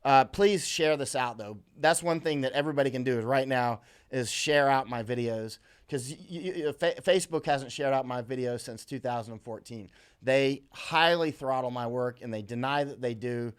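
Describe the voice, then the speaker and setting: A man's voice: mid-range voice, moderate pace, clean tone. American man rambling on a live stream. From USA. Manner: rambling, with many fillers and restarts, reads comments aloud. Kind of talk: casual live-stream chat reading viewer comments.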